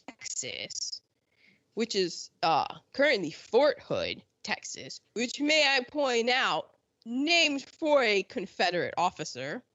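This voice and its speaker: Sarcasm runs through this casual history talk, where an American woman host often mocks people by quoting them in put-on voices. She has a medium-pitched, fairly bright voice, captured in a dry recording with dull, lo-fi sound.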